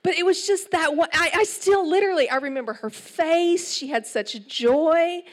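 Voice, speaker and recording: A middle-aged woman with an East Texas accent, preaching a sermon in an animated storytelling way with asides. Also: very high voice, moderate pace. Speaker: church speaker.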